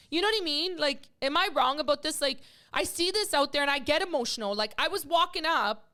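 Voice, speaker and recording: High bright-voiced woman host. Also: a little fast, hardly any pauses. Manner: emotional, rambling, many fillers. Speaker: podcast host. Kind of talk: casual podcast chat.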